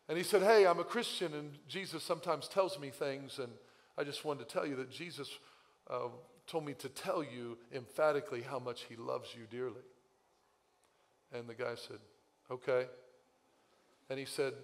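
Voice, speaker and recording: A man with a Midwestern American accent preaches from the pulpit, telling a story with animated, self-deprecating humor. His voice sits a little high and is still recovering after he lost it. The sound rings with a long reverb of a church hall. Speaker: pastor. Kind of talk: sermon. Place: church sanctuary.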